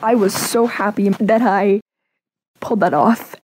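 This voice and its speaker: A woman's voice: mid-range voice, steady tone, measured pace, a little mellow, slightly rough, no echo. A woman from Canada telling a personal story in a casual, chatty way, acting out the quoted dialogue. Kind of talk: personal anecdote narration.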